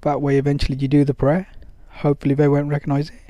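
A man talks through advice in a loose, conversational way, with plenty of fillers. He acts out little dialogues as he goes. His voice is mellow and dark, and it is recorded dry and close. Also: fairly high pitch, monotone, fast talker, no room sound. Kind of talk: casual advice monologue.

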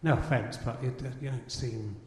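Middle-aged guy thinking out loud on stage, dry and wry, noisy echoey room. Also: medium pitch, moderate pace. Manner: wry, rambling reasoning aloud. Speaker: comedy podcast guest. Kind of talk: live stage chat. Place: live theatre venue with audience. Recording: echoey hall, background noise.

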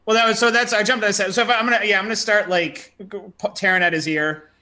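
A man's voice: high voice, fairly even intonation, fast talker, sharp tone. A man playing a tabletop game, describing his character's actions in a rambling way. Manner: rambling, many fillers. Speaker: player.

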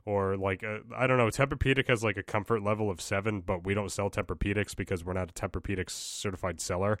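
A man's voice: fairly low pitch, fairly even intonation, fast, no echo, clean studio sound. A young man hosting a solo podcast, ranting casually with profanity, exasperation and frequent restarts. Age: young adult. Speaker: podcast host.

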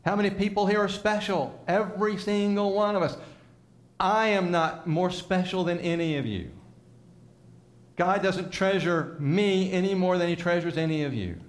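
A man's voice: sits high, moderate pace. A man preaching to a congregation, conversational and teasing, leading them in repeated call-and-response phrases. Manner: conversational, teasing asides to listeners. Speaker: pastor. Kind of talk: sermon.

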